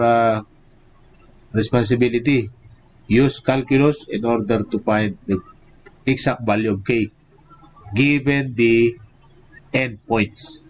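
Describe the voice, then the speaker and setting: A man's voice: mid-range voice, slight background noise, low-quality recording. A male engineering professor giving a live-streamed lecture, drilling each point and checking in with "okay?" and rhetorical "what?".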